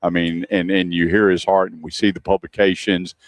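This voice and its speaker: A man, his voice low-pitched, hosts a casual radio show recorded outdoors. He talks chattily and tells anecdotes with plenty of laughter. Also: level tone, a little fast, slight background noise. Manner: chatty storyteller, laughs often. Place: outdoors at a shooting range.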